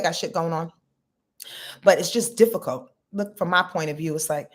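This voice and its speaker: A woman's voice: lowish voice, expressive, a little fast. Sleepy, chatty woman in her fifties. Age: 50s. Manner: chatty, slangy, addresses viewers directly. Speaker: astrology livestream host. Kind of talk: casual livestream reading. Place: lying in her bed at home.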